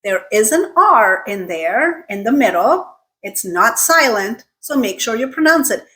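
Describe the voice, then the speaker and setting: Woman, pronunciation teacher, emphatic, repeats words slowly, fairly high voice. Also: big pitch swings, fairly bright tone. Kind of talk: pronunciation lesson to camera.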